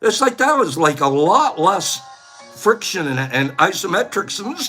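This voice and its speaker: A man's voice: high voice, very animated, unhurried, pushed and bright, breathy edge, soft background music. A middle-aged man hosting a casual chat, goofy, often laughing and breaking into silly bird calls. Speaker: host.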